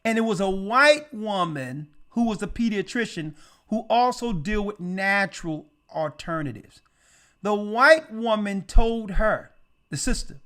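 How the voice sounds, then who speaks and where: A high-pitched man in the part of a church elder relates a testimony without hurrying. He keeps it animated and conversational, repeating words for emphasis.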